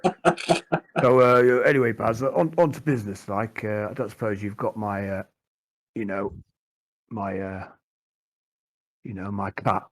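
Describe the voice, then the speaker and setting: A man's voice: on the low side, a little slow, long pauses, no echo. A man playing his character in a tabletop game, chummy and swearing. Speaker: player.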